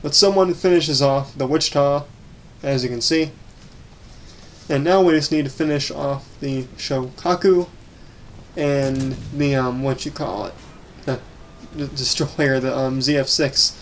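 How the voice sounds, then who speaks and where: A man talks through a replay of his own game in relaxed voice-over commentary, at a medium pitch. He often stops to correct himself and stumbles over words. A light hiss sits under the recording. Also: measured pace, long pauses. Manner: casual, self-correcting, some stammering. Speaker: gaming channel host.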